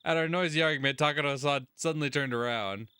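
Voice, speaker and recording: Bright clear man with sarcastic asides. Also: a little high, fast talker, no echo. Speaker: let's-play host. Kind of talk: reading game narration with joking commentary.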